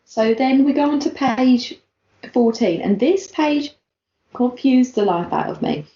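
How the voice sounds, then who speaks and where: A woman's voice: a little high, a little slow, dull audio. Giggly chatty woman, echoey room. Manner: chatty, giggly, animated reading of quotes. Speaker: podcast co-host. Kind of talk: casual chat recapping a manga chapter.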